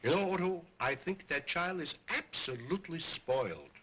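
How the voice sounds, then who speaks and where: A grandiose, self-important ventriloquist who speaks in stiff, formal phrases and keeps scolding his partner. His voice is forceful and husky, delivered in early sound film style. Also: a little high, animated, moderate pace, rough recording. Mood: straight man. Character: pompous egocentric male stage ventriloquist. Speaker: stage ventriloquist.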